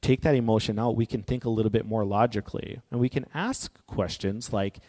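A man's voice: fairly low pitch, fairly quick. Earnest man in a reverberant hall. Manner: earnest, personal, gently encouraging. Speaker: speaker on grief and healing. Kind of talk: reflective spoken talk.

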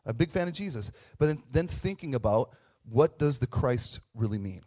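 A middle-aged man preaching a sermon in a conversational way, often checking in with a quick tag question and joking at his own expense. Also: medium pitch, lively intonation, dark tone. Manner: conversational, tag questions, self-deprecating humor. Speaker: pastor.

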